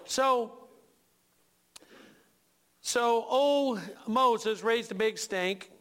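Bright, high-voiced folksy preacher man. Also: extremely slow, pauses often, slight background noise. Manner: folksy and animated, with asides to the congregation. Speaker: pastor. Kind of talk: sermon.

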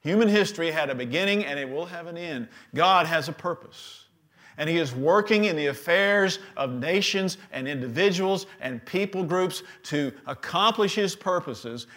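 Preaching as pastor, a man with a voice on the high side keeps a moderate pace. He draws the congregation into call-and-response, alternating loud proclamations with hushed, quiet stretches.

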